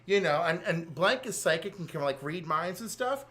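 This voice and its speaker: An American man co-hosting a show, animatedly recapping comics in casual chat and acting out character lines. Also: normal speed. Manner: animated storyteller, acts out character lines with big pitch jumps. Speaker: co-host.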